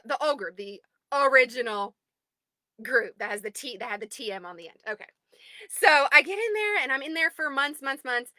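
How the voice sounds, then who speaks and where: Woman, 30s, group owner, chatty and excitable livestream host, dry close sound. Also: a little high, dry recording. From United States. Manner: excitable, chatty, greets viewers by name. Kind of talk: casual livestream chat. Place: home.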